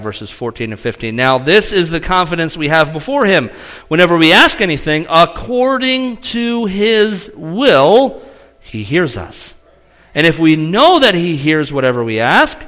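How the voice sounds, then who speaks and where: Animated pastor preaching a sermon. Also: male voice. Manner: animated preaching with sweeping pitch and loudness swings.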